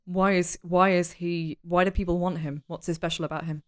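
A woman's voice: on the low side, fairly even intonation, brisk. Woman player, puzzled and sarcastic. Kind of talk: playing a tabletop game.

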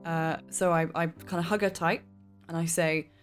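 Low-voiced woman, halting and emotional. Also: steady tone, faint music behind. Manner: emotional, halting, with many restarts. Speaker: player. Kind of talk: playing a tabletop game in character.

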